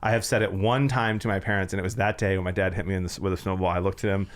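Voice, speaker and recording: A man's voice: deep voice, level tone, racing. Upbeat young man hosting a podcast. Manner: playful, upbeat. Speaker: podcast host. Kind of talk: casual chat.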